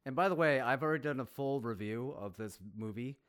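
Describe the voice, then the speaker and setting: A man co-hosting a movie review podcast, chatting casually and laughing often between quick asides. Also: mid-range voice, a bit bright, clear, resonant tone. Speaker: podcast co-host.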